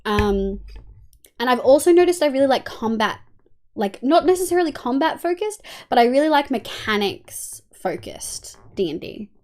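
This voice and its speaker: Lively Australian woman streamer. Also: high voice, moderate pace. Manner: chatty, swears casually, thinks aloud while playing. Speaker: live streamer. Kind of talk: casual gameplay chat answering viewers.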